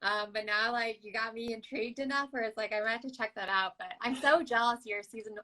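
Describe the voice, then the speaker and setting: An easygoing woman talks as a podcast guest in a relaxed, conversational flow. She leans on casual fillers and sounds open and friendly. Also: fairly high pitch, fast talker, poor audio. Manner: easygoing and chatty, with frequent "like" fillers. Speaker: ultrarunner guest. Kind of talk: casual interview chat.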